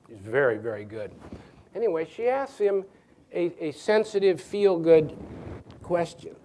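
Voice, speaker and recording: A middle-aged man from Nebraska giving an evening lecture as guest speaker, halting with many restarts and chuckling through his anecdotes. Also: on the high side, animated, dark tone, a little hiss or hum. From Nebraska, USA.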